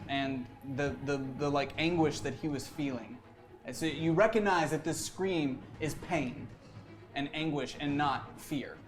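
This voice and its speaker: A man running a tabletop game as game master, narrating scenes in an easygoing way and often laughing. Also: fairly high pitch.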